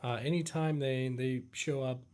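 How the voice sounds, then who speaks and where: A man's voice: mid-range voice, fairly even intonation, darkish tone. Tired laid-back man hosting a live stream. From United States. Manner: laid-back, halting, with frequent fillers and restarts. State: tired, yawning. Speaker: livestream host.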